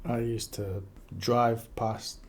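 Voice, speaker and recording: A man's voice: mid-range voice, flat delivery, slow pace. A man hosting a reaction video, chatting casually and hesitantly, often repeating words as he thinks. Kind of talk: casual commentary.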